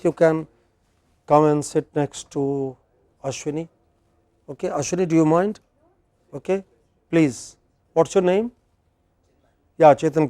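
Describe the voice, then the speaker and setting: A man's voice: fairly high pitch, darkish tone, no echo, clean studio sound. A man teaching a class, chatty, restarting sentences and quizzing his students. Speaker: English teacher. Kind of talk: classroom instruction. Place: indoor classroom.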